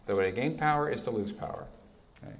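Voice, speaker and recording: A man preaching a sermon as pastor, earnest and emphatic, often dropping to a quiet, firm voice for his key points. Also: medium pitch, lively intonation, quick pace.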